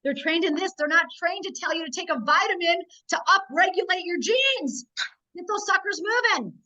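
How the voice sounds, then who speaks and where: A woman giving an emphatic, animated sales presentation over a video call, often asking her audience "right?". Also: very high-pitched, moderate pace, low-quality recording. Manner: emphatic, talks to the audience directly with frequent "right?" and "guys".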